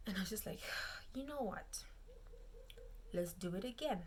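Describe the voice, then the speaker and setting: A woman's voice: mid-range voice, expressive, moderate pace, slight background noise. A young woman, telling a personal story in a casual vlog and chatting frankly to her viewers. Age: young adult. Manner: chatty, frank, keeps addressing viewers as "you guys". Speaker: vlogger.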